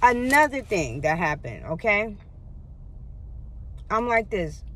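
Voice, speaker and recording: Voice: medium pitch, very animated, slow, sharp tone. A vlogger earnestly recounting a painful personal testimony straight to viewers, often repeating and restarting phrases. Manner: earnest and repetitive, stumbles and restarts, speaks directly to viewers as "y'all". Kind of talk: emotional personal testimony to camera.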